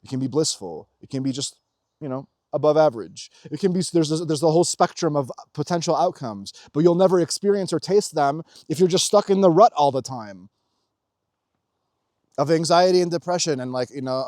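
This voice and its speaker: A man delivering a casual motivational monologue about spirituality, intense and full of swearing, swinging between loud urging and low murmurs. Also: normal speed, no echo, studio quality. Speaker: spiritual vlogger.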